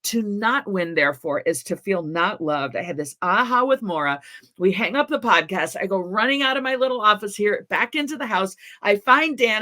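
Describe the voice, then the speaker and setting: A middle-aged woman on a panel, telling a personal story in an animated, expressive way with quoted dialogue. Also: medium pitch, moderate pace.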